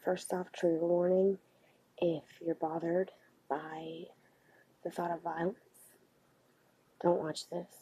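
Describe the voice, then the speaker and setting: A woman vlogger talking quietly at home late at night so as not to wake anyone, halting and pausing with many fillers. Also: on the low side, little pitch movement, husky, rough recording. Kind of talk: late-night confessional vlog.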